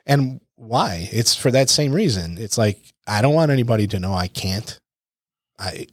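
A man's voice: mid-range voice, expressive, moderate pace, dry recording, studio quality. A man co-hosting a podcast, talking in a casual, reflective way and repeating points for emphasis. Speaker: podcast co-host. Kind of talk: casual chat.

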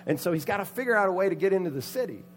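A man preaching a sermon, telling a Bible story with lively acted-out voices and sudden loud outbursts. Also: high voice, racing. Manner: animated, acts out the characters' voices with loud outbursts. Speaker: pastor.

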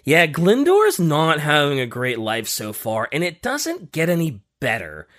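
A man hosting a casual podcast, telling a history story with lively emphasis and frequent fillers. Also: fairly high pitch, measured pace. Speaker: podcast host.

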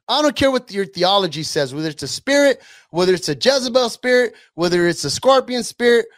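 A man's voice: sits high, no room sound. A man hosting a podcast, preaching in an emphatic, repetitive, conversational way. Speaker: podcast host.

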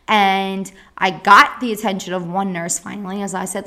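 Swearing freely, this young woman hosting a podcast recounts a personal story in an animated, blunt, casual manner. She speaks at a moderate pace in a mid-range voice, barely pausing.

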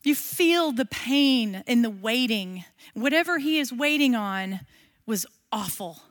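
A middle-aged woman leads a Bible class in an easy, talky manner. She keeps asking her listeners questions, and her voice sits fairly high. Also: animated, slow pace. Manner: conversational, asks the listeners questions. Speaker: Bible teacher. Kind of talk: casual devotional teaching.

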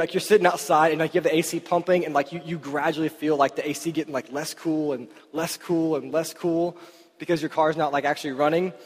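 A man preaching a sermon, telling stories in a chatty, animated way full of "like" fillers, in a church hall. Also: a little high. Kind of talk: sermon storytelling. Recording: reverberant hall.

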